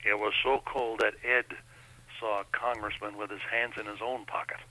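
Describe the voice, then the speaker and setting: A man doing an impression of an older male late-night TV host, telling jokes in a deadpan way. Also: fairly low pitch, normal speed, low-quality recording. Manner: deadpan joke delivery.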